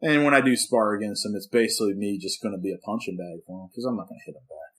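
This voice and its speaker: A man co-hosting a casual podcast, an animated storyteller who acts out what he says to his dog. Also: on the low side, racing. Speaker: podcast co-host. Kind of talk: casual chat.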